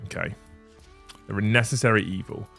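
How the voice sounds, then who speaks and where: A man's voice: lowish voice, a little fast, gravelly, sharp tone, faint music behind. A man hosting a casual livestream, rambling and chatting as he reads out lists and viewer messages. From England. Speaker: livestream host.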